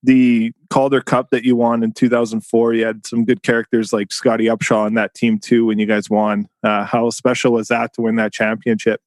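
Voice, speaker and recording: A man hosting a casual interview, setting up questions in a relaxed way. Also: mid-range voice, moderate pace, hardly any pauses, no echo. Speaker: podcast host.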